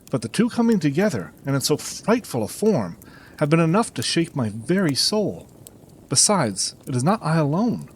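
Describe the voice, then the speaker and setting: A man's voice: a little high, slight background noise, rough recording. A man reading a distraught, respectable banker in an audiobook, earnest and formal in manner. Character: distraught respectable middle-aged male banker.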